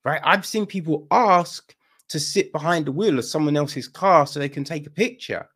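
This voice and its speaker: A man co-hosting a podcast in casual, opinionated chat, talking in a profane, animated way and acting out little dialogues. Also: a little high, normal speed, slightly rough. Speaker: podcast co-host.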